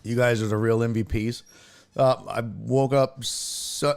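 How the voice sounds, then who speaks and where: This man's mid-range voice is creaky, with fairly even intonation and a slightly slow pace, over soft background music. He's a sports podcast host in a casual livestream chat, rambling profanely and laughing through his stories.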